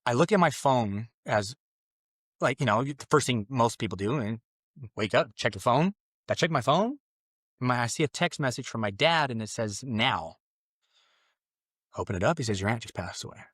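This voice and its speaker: A man's voice: mid-range voice, expressive, normal speed, a bit bright, no echo, studio quality. A young man, a podcast guest, telling a personal story in a casual, rambling way, acting out what others said. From Mexican family. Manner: casual, rambling with fillers and acted-out quotes.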